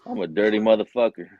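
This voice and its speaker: A man's voice: fairly low pitch, dry recording, phone-quality sound. A man on a casual whiskey stream, crude and teasing with a laid-back delivery. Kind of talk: casual chat on a live stream.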